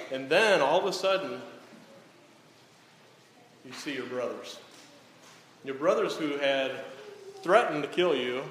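Preacher in an echoey hall. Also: male voice, a little high, a little hiss or hum. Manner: rhetorical, often tags lines with "right?"; drops to a hush on solemn lines. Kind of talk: sermon. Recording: echoey hall, faint ambience.

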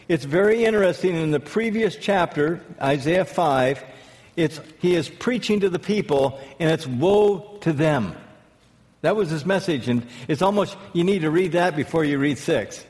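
A man's voice: on the high side, darkish tone, in a large hall. A man giving a conversational sermon, asking rhetorical questions and restarting his phrases as he talks. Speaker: pastor.

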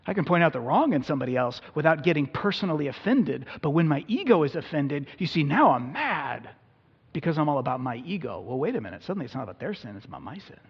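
A man's voice: on the high side, sing-song, fast, breathy edge. A man preaching an Easter sermon as a pastor, conversational and self-deprecating with humor. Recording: dull audio in a reverberant hall.

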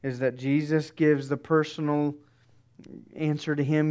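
Man preaching, slow and deliberate, clear smooth voice, emphatic with hushed pauses. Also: on the high side, little pitch movement. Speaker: pastor. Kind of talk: sermon.

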